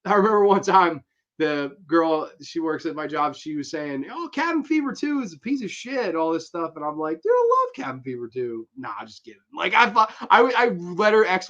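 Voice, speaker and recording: This young horror-review streamer has a medium-pitched, slightly bright voice. He answers his audience in a rambling, slangy, casual way, reading chat aloud, with dull lo-fi sound quality.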